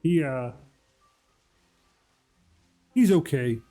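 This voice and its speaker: A man's voice: a little high, lively intonation, drawn-out words, warm tone, soft background music. A man putting on a meek, flustered frog puppet voice while chatting on a live stream, rambling and apologizing to his chat. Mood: apologetic.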